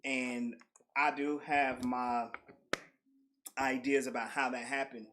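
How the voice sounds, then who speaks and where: A man's voice: medium pitch, level tone, slow pace, noisy background. A young adult man co-hosting a casual podcast, rambling and full of "like". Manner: rambling, heavy use of "like". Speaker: podcast co-host. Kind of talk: casual group chat.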